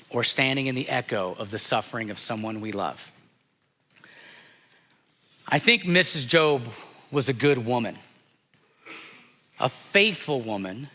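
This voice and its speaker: A pastor delivering a sermon in a church, speaking in an earnest, reflective way and dropping softly at the hard moments. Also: male voice, medium pitch. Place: church sanctuary. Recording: church sanctuary with long reverb.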